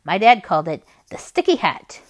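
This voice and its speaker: Expressive woman reading a novel aloud. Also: mid-range voice, moderate pace. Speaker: reading tutor.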